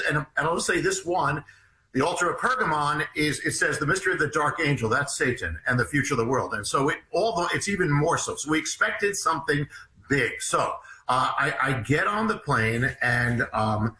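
A man, an author and guest, telling a long story in an interview, halting and animated with many restarts. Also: fairly high pitch, echoey room, poor audio.

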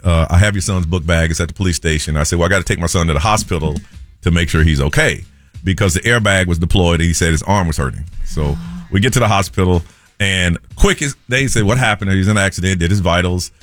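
Lively low-voiced man telling a story. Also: fast, faint music behind. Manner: animated storyteller, acts out quoted voices. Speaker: radio show host. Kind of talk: morning radio storytelling.

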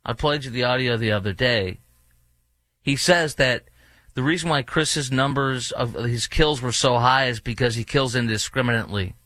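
A man's voice: medium pitch, normal speed, bright, forceful tone, dry recording. A man hosting a talk radio show, ranting indignantly with sarcastic asides. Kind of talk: opinionated radio commentary.

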